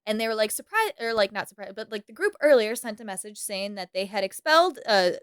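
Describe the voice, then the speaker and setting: A woman's voice: medium pitch, fast, clean tone, no room sound, studio quality. A young woman co-hosting a podcast, chatting casually and laughing, often acting out movie characters. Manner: animated, laughing, acts out movie characters in quotes. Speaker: podcast co-host. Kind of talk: casual chat.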